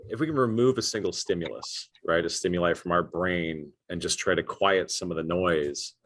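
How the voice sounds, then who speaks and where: A man hosting a podcast interview, earnest and a little halting, with plenty of fillers. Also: low-pitched, fairly bright tone. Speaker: podcast host. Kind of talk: casual interview talk.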